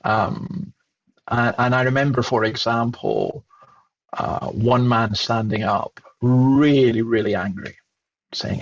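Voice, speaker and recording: A man with a Scottish accent, a guest telling a lively story and acting out the dialogue he remembers. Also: mid-range voice, normal speed, lo-fi sound. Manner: animated, acts out remembered dialogue. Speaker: Christian speaker and guest. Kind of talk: storytelling in conversation.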